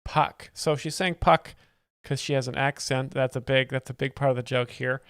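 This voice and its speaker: Man, deadpan faux expert host, middle pitch, dry close sound. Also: fairly quick, smooth, dry recording, raised voice. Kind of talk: mock-serious joke explaining.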